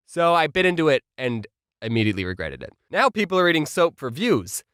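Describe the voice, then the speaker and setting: Bright, animated young man telling stories. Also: on the high side, fairly quick, clean tone, dry recording, studio quality. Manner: sarcastic, animated, jumps between voices. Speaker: comedy YouTuber. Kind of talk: scripted comedic storytelling.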